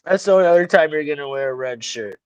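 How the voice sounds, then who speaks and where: A man hosting a livestream talks in a crude, joking way and laughs a lot, often slipping into mock voices. His voice sits high for a man, and the sound is dry. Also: expressive, fast talker, no echo, lo-fi sound. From Italian family background. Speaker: livestream host. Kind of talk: casual chat.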